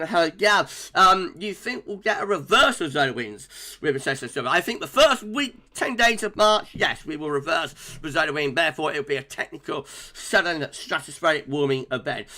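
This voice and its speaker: In a fairly high, expressive voice that's bright and forceful at normal speed, a man running a weather livestream chats informally with viewers, reading out comments, laughing often and using plenty of fillers.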